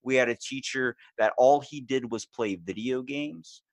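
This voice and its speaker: A podcast host with a Baltimore accent, talking casually and playing out his stories with sudden leaps in pitch. His mid-range man's voice sounds close and dry, with no room around it. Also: measured pace, no echo. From Baltimore, USA. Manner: animated storyteller, acts out quotes with big pitch jumps.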